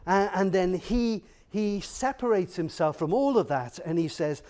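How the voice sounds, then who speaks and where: A man's voice: high-pitched, animated, measured pace, hardly any pauses, darkish tone. A man preaching a sermon in a church, earnest, building with repeated phrases and asking the congregation direct questions.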